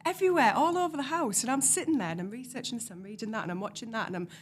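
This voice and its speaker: A woman's voice: on the high side, animated, racing, a little hiss or hum. A young woman from North East England with a North East English accent, a podcast guest in casual chat who swears freely and acts out her own past lines.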